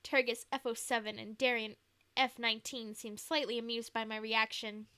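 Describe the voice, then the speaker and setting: A woman's voice: on the high side, level tone, moderate pace, bright, forceful tone, clear, resonant tone. A woman streaming a game, reading it aloud and chatting in a playful manner. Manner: playful, laughs easily. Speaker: streamer reading a visual novel.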